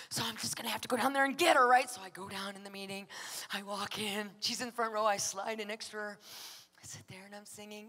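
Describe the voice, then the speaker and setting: Woman preacher, high bright voice, acts out the dialogue, goes from whisper to shout. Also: fairly even intonation, fast talker, big-room sound. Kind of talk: sermon storytelling.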